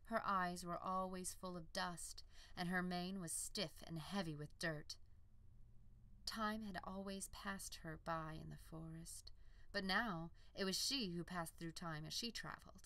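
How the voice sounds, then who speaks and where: Slow, bright-toned woman narrator. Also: lowish voice. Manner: calm, measured storytelling. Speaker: audiobook narrator. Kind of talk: scripted narration.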